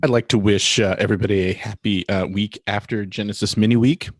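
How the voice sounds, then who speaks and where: Man, low voice, sarcastic, deadpan, podcast co-host. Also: fairly quick, dry recording. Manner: dry, sarcastic jokes. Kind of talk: casual podcast chat.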